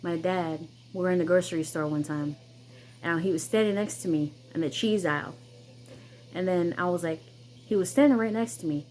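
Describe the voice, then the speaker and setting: A woman's voice: lowish voice, moderate pace, a little mellow, slight background noise, poor audio. A woman hosting her own channel, telling a personal story in an emphatic, insistent way, with many repeats and restarts. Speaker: vlogger, channel host.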